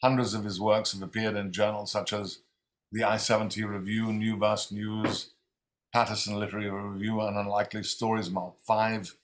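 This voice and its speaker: A male livestream host introduces poets in a friendly way that wanders a little. His voice sits low and stays flat, with little rise and fall. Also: moderate pace. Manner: friendly, slightly scattered introductions.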